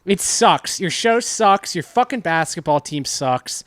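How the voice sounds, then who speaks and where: A man co-hosting a casual comedy podcast, ranting and swearing, swinging from low mumbles to loud outbursts. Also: lively intonation, unhurried. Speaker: podcast co-host.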